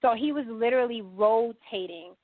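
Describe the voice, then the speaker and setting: A woman's voice: a little high, moderate pace, no echo. Woman guest, storyteller who acts out every quote, thin phone-like sound, dry. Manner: animated storyteller acting out quoted dialogue. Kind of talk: podcast interview storytelling.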